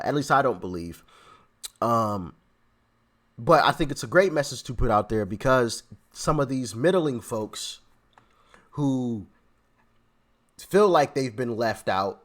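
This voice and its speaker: A man hosting a commentary channel, reacting in casual talk. He is animated, restarts his phrases often and speaks directly to his viewers. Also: medium pitch.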